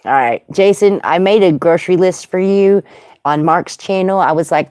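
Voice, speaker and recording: A woman's voice: on the low side, normal speed, a little mellow, smooth, no room sound, studio quality. A woman hosting a casual livestream, chatty and greeting viewers by name. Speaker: livestream host.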